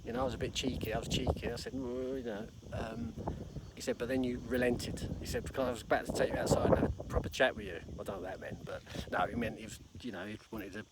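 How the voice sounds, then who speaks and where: A middle-aged man from England rambles through a story to camera, now and then acting out what others said. He is recorded outdoors over loud, steady noise. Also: mid-range voice, fast talker. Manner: rambling, laughing, acts out quotes. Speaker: vlogger.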